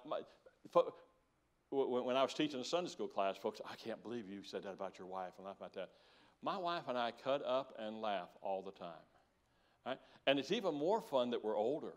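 An older man in his seventies preaches in a folksy, joking way. He tells animated stories, and his voice swings from low, quiet asides up to high, loud bursts. His pitch sits in the middle for a man. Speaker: pastor. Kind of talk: sermon.

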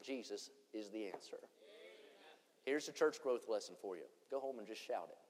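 A man preaching a revival sermon, swinging between shouted lines and hushed ones. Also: fairly low pitch, animated, moderate pace. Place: church conference hall. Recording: long church hall reverb.

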